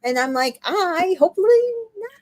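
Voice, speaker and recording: A woman hosting a casual recap chat, retelling scenes and quoting the cast in quick put-on voices, with plenty of fillers. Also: extremely high pitch, expressive, no echo. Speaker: podcast host recapping a reality show.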